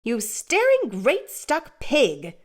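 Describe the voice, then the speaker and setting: Woman doing a sharp, scolding shrew. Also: sits high, wildly swooping pitch, normal speed, pitched above the performer's own voice, exaggerated voice. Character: sharp-tongued bullying older sister, woman.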